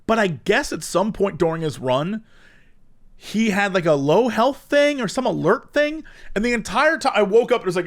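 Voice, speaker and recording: A man's voice: high-pitched, normal speed. A young man co-hosting a podcast, chatting casually and acting out the voices in his stories. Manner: animated storytelling with mimicked voices. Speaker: podcast co-host. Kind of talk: casual chat.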